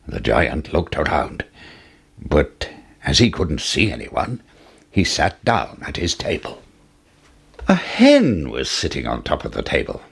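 A man reading a fairy tale aloud as a storyteller, with expressive rises and falls. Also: measured pace, creaky, husky. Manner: expressive, with wide swings in pitch.

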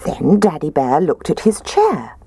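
A woman reading a children's story aloud in a gentle, expressive way. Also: deep voice, unhurried, breathy edge, no echo.

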